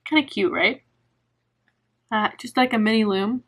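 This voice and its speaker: A woman's voice: on the high side, a little slow. A young woman chatting casually to camera in a knitting vlog, gushing and rambling with lots of fillers. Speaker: knitting vlogger.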